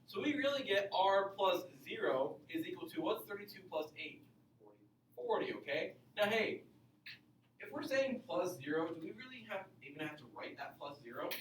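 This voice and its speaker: Guy teaching math class, kinda high voice, lots of questions to the kids, echoey room, mic far off. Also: normal speed, slight background noise. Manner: energetic, questioning the class, repeats points. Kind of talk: classroom lecture.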